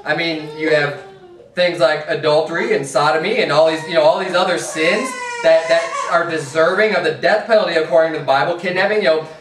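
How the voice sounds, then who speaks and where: Man, American accent, preacher, high voice, fervent sermon, echoey church from a distance. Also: steady tone, a little fast, background noise. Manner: impassioned, repetitive restarts, mimics soft preachers in a hushed voice. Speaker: pastor. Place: church sanctuary. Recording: echoey room from far off.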